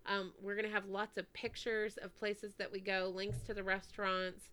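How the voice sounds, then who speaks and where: A woman's voice: mid-range voice, level tone, moderate pace, pushed and bright, a little hiss or hum. A woman co-hosting a podcast, telling a story in a casual, chatty way, with many "like"s and "anyway"s. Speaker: podcast co-host.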